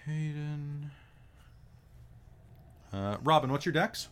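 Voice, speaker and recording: A man's voice: fairly high pitch, takes it slowly, fairly bright tone, clean tone. A man narrating a tabletop game as game master, chatty and full of fillers and self-corrections.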